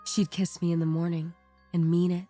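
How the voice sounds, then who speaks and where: A woman reading a first-person horror story aloud in a measured, somber storytelling manner. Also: fairly low pitch, flat delivery, dark tone. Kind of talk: scripted narration. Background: faint background music.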